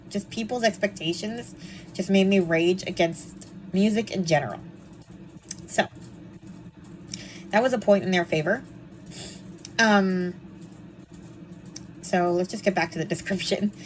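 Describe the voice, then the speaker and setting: A woman's voice: mid-range voice, slight background noise, rough recording. A young woman chatting casually and with snark as she reviews a book series, with frequent ums and asides.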